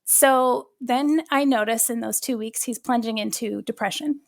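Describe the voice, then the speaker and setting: A middle-aged woman hosting a podcast, telling a story in casual chat, candid and lively as she acts out bits of dialogue. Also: on the high side, normal speed, gravelly, no echo, studio quality. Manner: animated storyteller who acts out quoted dialogue; candid, uses mild swearing. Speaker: podcast host.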